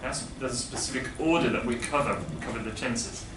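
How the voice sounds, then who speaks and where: A man's voice: mid-range voice, fast talker. A man teaching an English grammar lesson to a classroom, patiently explaining and asking the class questions. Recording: echoey classroom, far from mic, background noise.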